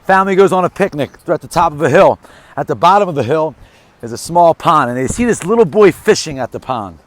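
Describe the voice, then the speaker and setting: A middle-aged man giving an energetic, emphatic motivational monologue, telling a short story in a casual vlog. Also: on the high side. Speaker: motivational vlogger.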